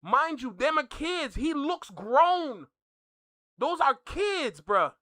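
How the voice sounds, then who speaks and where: Bright, dry-voiced man with a Toronto accent. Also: extremely high pitch, sing-song, slow, no room sound. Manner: heated, incredulous, repetitive. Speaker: reaction video host. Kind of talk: casual reaction commentary.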